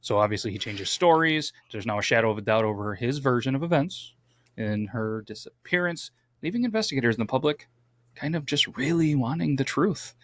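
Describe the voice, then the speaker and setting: A man's voice: medium pitch, lively intonation, fairly quick, no echo. A man co-hosting a casual true crime podcast, reading out the case and adding wry asides. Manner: reads case notes, adds wry asides. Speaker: podcast co-host.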